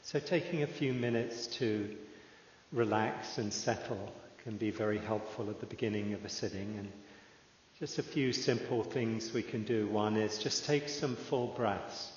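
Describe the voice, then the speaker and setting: Calm low-voiced man guiding meditation. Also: a little hiss or hum. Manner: slow, calm, with long pauses. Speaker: meditation teacher. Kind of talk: guided meditation. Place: meditation hall. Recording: echoey hall, dull lo-fi sound.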